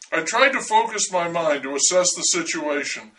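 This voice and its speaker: A man's voice: fairly high pitch, expressive, moderate pace, bright, forceful tone, recorded from a distance, poor audio. A man narrating a first-person story in a dry, wry way.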